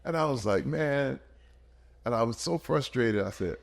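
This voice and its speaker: A man in his fifties, a podcast guest, telling stories in an emphatic, animated way in casual conversation. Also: mid-range voice, moderate pace, creaky. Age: 50s.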